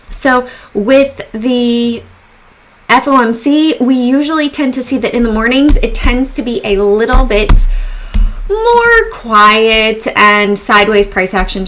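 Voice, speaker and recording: A woman's voice: a little high, fairly bright tone, a little hiss or hum. A woman hosting a casual stock market livestream, chatty and upbeat, greeting viewers in the chat as she talks.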